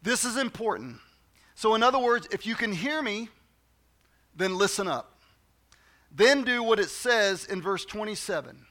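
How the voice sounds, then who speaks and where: A man delivers a sermon to his church, his voice sitting high and bright. He talks in a loose, conversational way, repeating key phrases and dropping asides to the congregation. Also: animated, measured pace, pauses often. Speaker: pastor.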